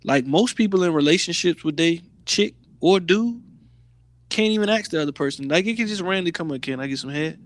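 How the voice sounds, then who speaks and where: A man co-hosting a podcast, talking in a slangy, animated way with lots of restarts. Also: high-pitched, fairly quick, dry recording. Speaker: podcast co-host. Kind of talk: casual chat.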